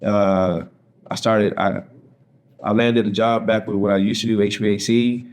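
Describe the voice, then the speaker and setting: Low-voiced man telling his story. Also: steady tone, moderate pace, darkish tone. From Texas. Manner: candid, acts out quoted voices. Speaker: podcast guest. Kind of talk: emotional personal storytelling.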